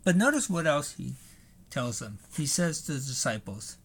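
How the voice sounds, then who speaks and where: A man's voice: fairly high pitch, sing-song, normal speed, a bit bright, slight background noise. A man preaching a sermon in a conversational way, thinking aloud with fillers and rhetorical questions. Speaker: pastor.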